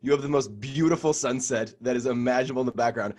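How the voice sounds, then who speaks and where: A man chatting casually about films as a podcast guest, excitable and swearing a lot while acting out quotes. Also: medium pitch, fast. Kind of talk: casual film chat.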